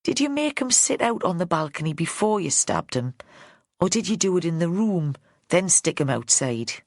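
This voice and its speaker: A woman's voice: fairly low pitch, big pitch swings, moderate pace, no echo. A woman reading an audiobook, voicing a blunt, plain-spoken middle-aged woman detective. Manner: plain-spoken, dry, homely. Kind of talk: audiobook character voice.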